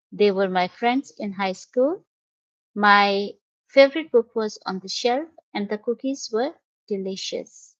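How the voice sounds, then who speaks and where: A woman teacher talks through a grammar lesson at an unhurried, careful pace. Her voice is mid-pitched and sits dry and close. The audio is a little dull and lo-fi. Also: no room sound. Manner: patient, spells out each step. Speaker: English teacher. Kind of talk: slow, careful classroom explanation.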